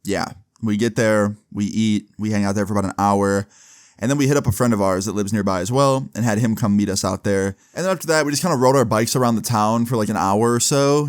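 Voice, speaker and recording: A man with a fairly low voice tells a story in a casual, laid-back way, with frequent swearing and many uses of 'like'. His voice sounds dry and close, with no room echo. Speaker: storyteller vlogger.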